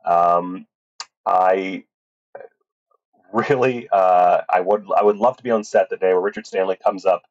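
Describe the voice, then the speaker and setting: A man's voice: low-pitched, steady tone, unhurried, pauses often. A man hosting a casual solo film podcast, rambling with many fillers and restarts and swearing freely. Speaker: podcast host reviewing films. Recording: tinny wrong-mic recording.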